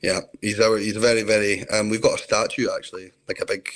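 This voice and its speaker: A man's voice: lowish voice, flat delivery, fairly quick, a bit bright. A Scottish man from Scotland, chatting as an interview guest on a video call, telling rambling stories. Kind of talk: casual chat.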